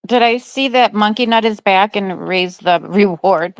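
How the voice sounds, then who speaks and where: A woman's voice: medium pitch, unhurried, no room sound. A woman co-hosting a casual chat, prompting the host with questions and short replies. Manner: brief back-channel replies and prompts.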